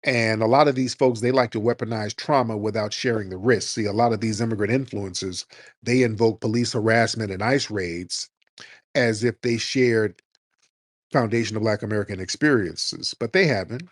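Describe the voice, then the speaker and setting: A man's voice: lowish voice, moderate pace, no room sound, clean studio sound. Blunt, combative male show host. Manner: blunt, combative, slangy, repeats "see". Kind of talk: political commentary on a live call-in stream.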